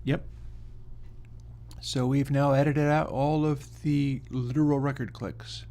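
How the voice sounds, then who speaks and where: While editing audio on his livestream, the host muses casually about the technical side, talking as he works in a relaxed way. His mid-range voice moves slowly, and faint music plays behind him.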